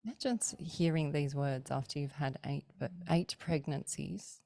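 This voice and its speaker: A middle-aged woman, a podcast guest, telling stories in a casual, animated way, acting out the voices of people she quotes and laughing often. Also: deep voice, normal speed, vocal fry, no echo. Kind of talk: casual storytelling.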